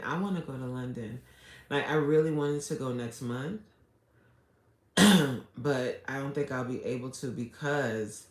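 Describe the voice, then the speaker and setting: An adult livestreamer chatting casually with viewers, greeting them by name and pleading for subscribers. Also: medium pitch. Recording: echoey room.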